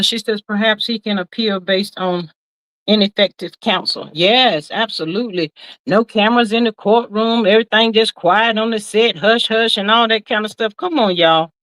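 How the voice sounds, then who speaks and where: A woman's voice: mid-range voice, poor audio. Folksy woman hosting a livestream chat. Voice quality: folksy and animated, talks straight to the chat. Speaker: livestream host reading chat. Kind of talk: casual live chat commentary.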